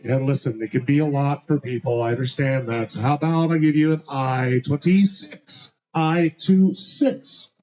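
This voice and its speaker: A man calling bingo at a live venue, cracking quick rhyming jokes and slowing down to spell out each number. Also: medium pitch, a little mellow, dull audio. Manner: playful, punchy one-liners, slows to spell out each number. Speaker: bingo caller.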